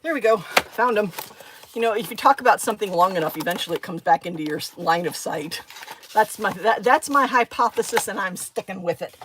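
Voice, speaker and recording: A woman talks her way through a home crafting live stream in a loose, rambling chat, thanking viewers by name and wandering off into side thoughts before finding her way back. Her voice sits at an ordinary middle pitch. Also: expressive, brisk, background noise.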